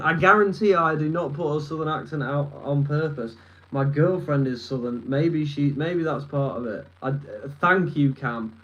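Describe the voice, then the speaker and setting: A Lancashire-accented man from northern England, in his twenties, talks casually on a live stream from his desk at home, rambling and swearing as he replies to chat. He speaks at a moderate pace in a slightly high voice. The recording's highs are cut off.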